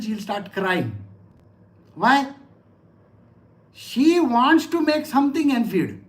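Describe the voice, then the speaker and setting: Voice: mid-range voice, expressive, moderate pace. A middle-aged spiritual teacher gives a conversational scripture lecture, asking listeners rhetorical questions and telling personal anecdotes.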